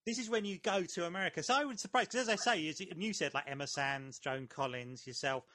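Bright high-voiced male host. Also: quick pace. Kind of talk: casual interview chat.

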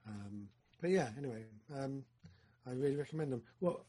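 A man co-hosting a podcast, chatting casually about films, excitable and rambling with lots of fillers. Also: medium pitch, normal speed, slightly rough. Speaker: podcast co-host. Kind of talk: casual film chat.

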